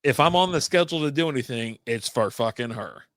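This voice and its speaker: A man's voice: medium pitch, animated, brisk, a bit bright, no echo. Profane, sarcastic podcast man. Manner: profane, reads out text with sarcasm. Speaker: podcast co-host. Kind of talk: casual beer podcast banter.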